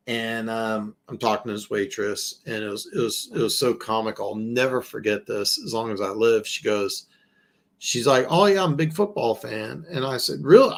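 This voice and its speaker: This host, a Southern American man on a casual football talk show, has a medium-pitched, gravelly, bright voice with a forceful tone. He rambles, keeps restarting his sentences and repeats words often.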